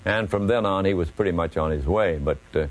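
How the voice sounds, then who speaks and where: An older man, a baseball broadcaster, telling stories from his career at an unhurried pace. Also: low voice, low-quality recording. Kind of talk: reminiscing storytelling.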